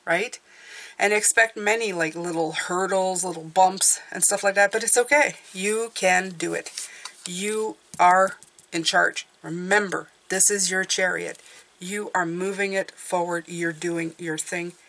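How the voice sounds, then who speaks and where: Encouraging woman tarot reader, lowish voice. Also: fairly even intonation, a little slow, a bit bright. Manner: encouraging, often checks in with "okay?". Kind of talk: casual tarot reading to viewers.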